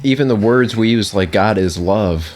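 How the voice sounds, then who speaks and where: A man's voice: on the low side, moderate pace, background noise. A man co-hosting a casual podcast, laughing along and thinking aloud. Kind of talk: casual chat.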